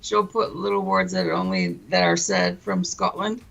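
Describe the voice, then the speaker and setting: A woman's voice: fairly low pitch, sing-song, moderate pace, gravelly, a bit bright, low-quality recording. A woman co-hosting a radio talk show, enthusiastic and gushing about the people she praises. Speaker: radio co-host. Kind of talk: casual chat.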